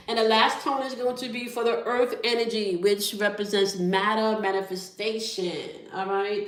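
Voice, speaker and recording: A woman's voice: mid-range voice, fairly bright tone. A woman hosting a spiritual tarot reading, talking straight to her viewers and checking in often with "all right?" and "okay?". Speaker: tarot reader and channel host. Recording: echoey room.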